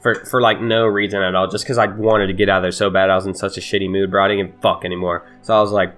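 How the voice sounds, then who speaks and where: A man's voice: sits low, flat delivery, racing, fairly bright tone, soft background music. A young man telling a heated storytime with lots of swearing and laughter. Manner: profane, laughing, heated retelling. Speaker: vlogger. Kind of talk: casual storytime.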